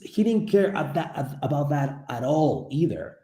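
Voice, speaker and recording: A man in his forties chatting casually on a livestream from his office, excitable and rambling, swinging between loud bursts and hushed asides. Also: on the high side, measured pace, few pauses, reverberant. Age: 40s. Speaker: livestreaming artist. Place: office room.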